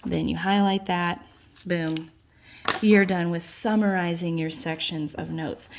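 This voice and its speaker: A woman teacher, tired late at night, slowly and patiently walking students through their notes in a recorded lesson. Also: lowish voice, fairly even intonation, creaky, background noise. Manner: slow, patient explaining.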